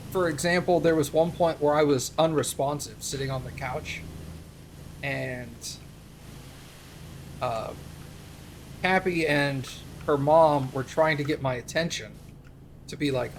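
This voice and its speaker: A man's voice: fairly high pitch, a little hiss or hum. A young man, a streamer, telling a rambling story in casual chat, with plenty of fillers. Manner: rambling anecdote with many fillers.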